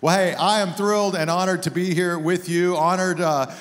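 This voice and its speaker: A middle-aged man preaching a sermon as a guest pastor, with an animated, humorous storytelling manner. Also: high-pitched, moderate pace. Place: church sanctuary. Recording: long hall reverb.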